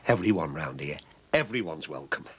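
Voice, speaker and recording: An actor playing a chatty, emotional shopkeeper in a soap opera. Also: male voice, rumbling low, lively intonation, moderate pace, a little hiss or hum. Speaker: shopkeeper raising money for his sick brother.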